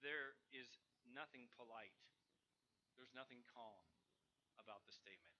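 A man preaching a sermon, moving emphatically between loud declarations and quieter asides. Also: medium pitch, unhurried, low-quality recording.

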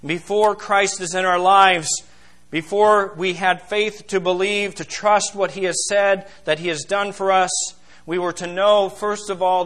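A man delivers a sermon in a high, bright voice, calling the listeners beloved and pressing them with questions. He moves between ringing declarations and quiet, hushed asides. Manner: emphatic, swings between loud and hushed; addresses congregation as beloved, asks questions. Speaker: pastor.

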